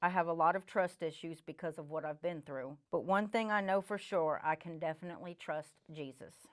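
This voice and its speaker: A woman's voice: deep voice, normal speed. A middle-aged woman telling her personal testimony in an earnest, reflective way. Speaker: church member giving testimony.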